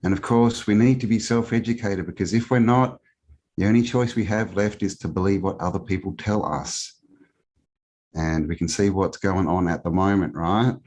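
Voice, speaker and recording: An Australian man talks casually over a remote call as a guest on a live show. His voice sits very low, and he wanders through his points with plenty of fillers. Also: fairly even intonation, normal speed, a little mellow. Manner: rambling, meandering with many fillers. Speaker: podcast guest.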